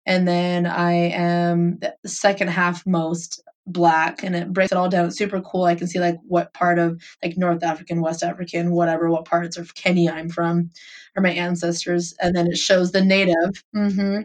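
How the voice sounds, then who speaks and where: A woman's voice: lowish voice, completely flat delivery, normal speed, recorded from a distance. A young adult woman co-hosting a casual chat, rambling with lots of fillers and frequent giggles.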